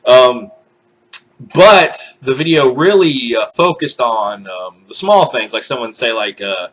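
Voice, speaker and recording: A man's voice: mid-range voice, unhurried. A man ranting casually to camera in a vlog, swearing freely and acting out what other people say. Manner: profane, animated, acts out quoted voices. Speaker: vlogger.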